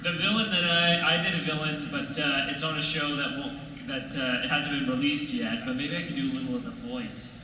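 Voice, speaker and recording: A man voice actor talks on a convention panel, stopping and restarting as he goes. His voice sits slightly high. It echoes through a large hall from a distant mic, with noise behind. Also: fairly even intonation. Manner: halting, many restarts.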